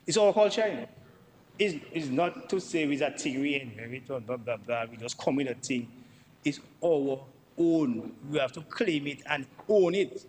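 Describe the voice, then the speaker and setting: A man's voice: medium pitch, moderate pace, a little mellow, long reverb tail, a little hiss or hum, low-quality recording. Emphatic Dominican man in parliament. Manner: emphatic, repeats himself for stress. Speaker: member of parliament. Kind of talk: parliamentary debate speech. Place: parliament chamber.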